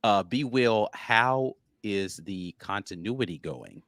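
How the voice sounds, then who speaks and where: A man in his thirties co-hosting a casual sports chat show, animated and telling stories with acted-out quotes. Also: on the low side, takes it slowly, no echo, studio quality. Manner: animated storyteller, acts out calming quotes. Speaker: co-host.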